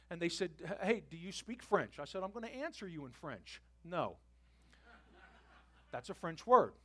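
A middle-aged man preaching a sermon in a church, talking conversationally and making asides to the congregation. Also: fairly high pitch. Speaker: pastor. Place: church sanctuary.

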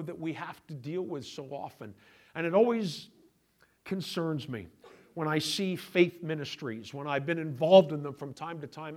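Man preaching a conversational sermon. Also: on the high side. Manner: conversational preaching, shifting between quiet asides and raised emphasis. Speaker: pastor.

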